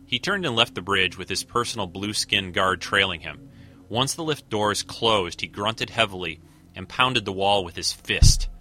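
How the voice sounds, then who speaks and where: Male story reader, very low voice with a sharp bright edge, steady. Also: moderate pace. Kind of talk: fan audio story reading.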